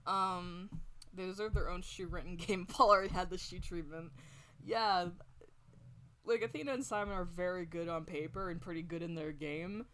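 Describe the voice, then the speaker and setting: A young woman streaming while she draws, rambling excitedly in casual chat and swearing constantly. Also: lowish voice, moderate pace. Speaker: art streamer.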